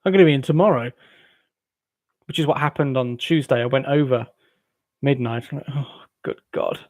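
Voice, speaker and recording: A man's voice: medium pitch, brisk, darkish tone, no room sound. A jovial English man hosting a late-night live stream, reading viewers' chat comments and rambling with frequent laughs. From England. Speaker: livestream host. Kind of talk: casual chat with live chat readers.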